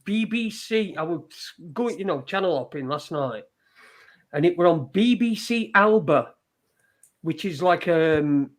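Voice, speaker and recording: A man chatting casually as a guest on a video call, asking loose questions and swearing often. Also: on the high side. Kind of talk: casual chat.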